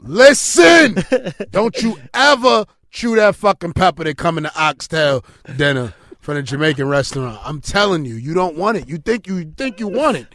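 A man telling loud, profane stories in casual chat with friends. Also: on the high side, a little fast, hardly any pauses, dry recording, studio quality. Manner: profane, animated storytelling.

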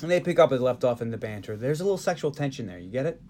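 Casting: man in his forties, from the Northeastern US, podcast host, animated, chatty, mid-range voice. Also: mid-range voice, slight background noise. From Northeastern United States. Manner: animated storytelling with quick asides and laughs. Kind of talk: casual movie recap chat.

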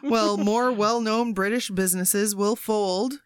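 A woman's voice: mid-range voice, steady tone, measured pace, smooth, dry recording. A woman co-hosting a casual comedy podcast, reading out news items and teasing her co-hosts in a playful way. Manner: playful, teasing, breaks into laughter. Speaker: podcast co-host.

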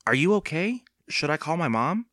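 A man voicing a spunky young girl in a storybook reading, with quick, alarmed and determined lines in a raised voice. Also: fairly high pitch, sing-song, a bit bright, dry recording, studio quality, voice pushed up.

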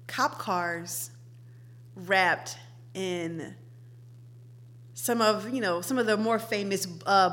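A young woman co-hosting a relaxed chat show, her voice bright and clear at a middle pitch. She talks in loose slang and laughs often as she riffs. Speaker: podcast co-host. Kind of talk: casual chat.

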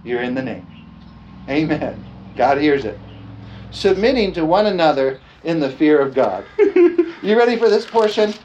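A male preacher delivering a sermon in church, animated, often chuckling and calling out "amen?" to the congregation. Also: on the high side, moderate pace, long pauses, dull audio, a little hiss or hum. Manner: animated, chuckling, frequent call-and-response "amen?". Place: church service, also streamed online.

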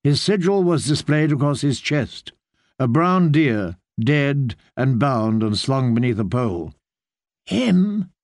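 A man narrating an audiobook in a measured, steady reading voice. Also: mid-range voice, dry recording, studio quality.

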